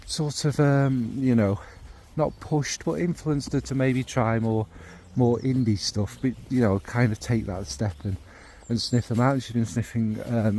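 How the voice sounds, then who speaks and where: Male vlogger, rambling casual delivery, middle pitch, soft background hiss. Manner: rambling, warm and enthusiastic about scents. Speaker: fragrance vlogger. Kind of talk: casual rambling chat to camera.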